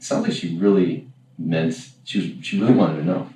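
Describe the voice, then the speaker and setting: A dating coach gives a casual workshop lecture in a low, mellow voice with fairly even intonation and moderate pace. He rambles, often corrects himself, and acts out example lines; the room is echoey, he's far from the mic, and there's faint background noise.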